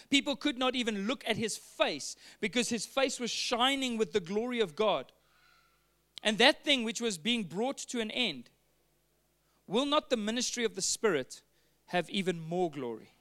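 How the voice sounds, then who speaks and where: A male pastor preaching a sermon, earnest and animated, reading scripture and breaking into acted asides. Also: high-pitched, moderate pace.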